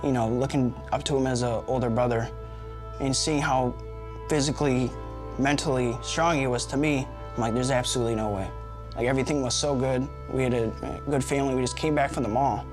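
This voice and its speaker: A man's voice: mid-range voice, fairly even intonation, brisk, over music. A young man, the younger brother, earnestly recounting events in a documentary interview.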